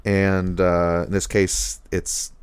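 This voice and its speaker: A man with a fairly low voice recaps an old TV episode in casual podcast chat. He rambles, restarts and drops fillers. The sound is dry and close. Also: little pitch movement, slow, clean tone, no echo. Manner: rambling, filler-heavy storytelling with acted-out quotes. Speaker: podcast co-host.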